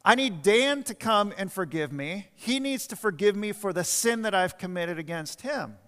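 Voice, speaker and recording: A pastor with a high-sitting, expressive voice preaches a sermon at a moderate pace, telling stories and then hammering home his points. He moves between quiet asides and emphatic statements, and the church hall adds a long reverb.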